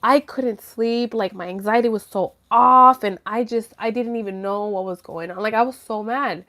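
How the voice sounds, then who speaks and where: A woman hosting a live stream, telling her viewers a story casually, rambling and animated, with lots of "like" and some swearing. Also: on the high side, moderate pace. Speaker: host of a live chat stream.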